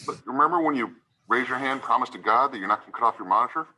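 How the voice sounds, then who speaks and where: A man's voice: mid-range voice, expressive, rapid-fire, sharp tone, poor audio. A man serving as judge, giving a stern courtroom lecture and repeatedly asking "right?" to press his point.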